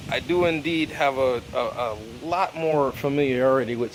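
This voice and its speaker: A man's voice: medium pitch, moderate pace, few pauses, a little hiss or hum. An American man, raised speaking Jamaican patois, in a rambling, profane vlog monologue full of fillers. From United States.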